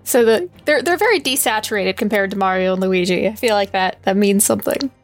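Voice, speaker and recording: A woman co-hosting a podcast in casual chat, hesitant and quick to correct herself. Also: mid-range voice, soft background music. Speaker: podcast co-host.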